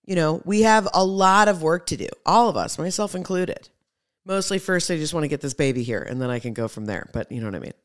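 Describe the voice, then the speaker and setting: Animated woman hosting her podcast. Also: sits low, brisk. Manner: animated, emphatic, talks to listeners as friends. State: pregnant. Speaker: podcast host. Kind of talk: casual monologue.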